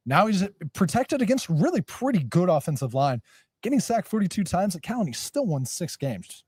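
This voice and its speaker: A man's voice: sits high, sing-song, normal speed, a little mellow, slightly rough, dry recording, studio quality. A young man hosting a college football talk show, making emphatic, upbeat points. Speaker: sports show host. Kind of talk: sports analysis chat.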